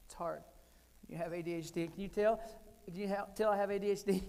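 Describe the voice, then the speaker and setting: Older man, American, keynote speaker, energetic, joking, high-pitched, reverberant hall. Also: fast, noisy background. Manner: energetic, joking, punchy short phrases. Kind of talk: humorous keynote storytelling. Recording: echoey hall.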